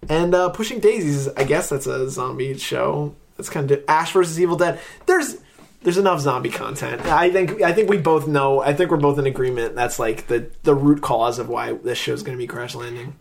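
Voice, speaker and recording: A man's voice: medium pitch, normal speed, vocal fry, a little hiss or hum. A man hosting a casual podcast chat, joking, teasing and rambling through lists. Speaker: podcast host.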